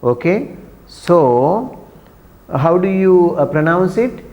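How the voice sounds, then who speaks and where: Slow-paced male teacher in a reverberant room. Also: sits high, big pitch swings, mellow. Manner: slow, repeats words and checks with "right?". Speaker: English teacher. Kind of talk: exam preparation lesson. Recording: dull lo-fi sound with long reverb.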